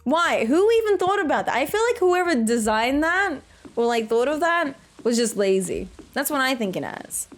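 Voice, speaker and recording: A woman's voice: fairly high pitch, expressive, normal speed. Chatty woman streaming games. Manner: chatty, laughs often, reads chat aloud. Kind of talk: casual chat while gaming.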